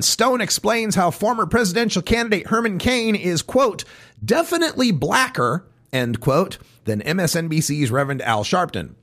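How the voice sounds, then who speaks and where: Lively-pitched man reading pointed commentary. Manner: measured, pointed, stresses each quote with pauses. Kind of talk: reading a list of quotes, commentary.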